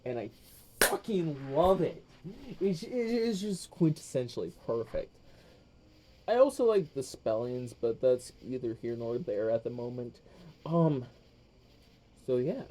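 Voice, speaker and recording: A man's voice: mid-range voice, lively intonation, a little slow, warm tone. A man talking casually in a hesitant, rambling monologue, full of "um"s and swearing. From United States. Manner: hesitant, full of filler ums, profane. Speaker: vlogger.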